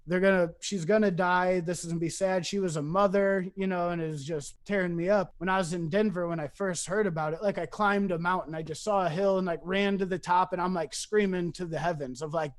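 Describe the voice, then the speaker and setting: A man's voice: sits high, steady tone, normal speed. A man from the St. Louis area, a podcast guest telling a story in loose, profane talk full of fillers, acting out quoted lines. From East Saint Louis. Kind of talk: casual storytelling.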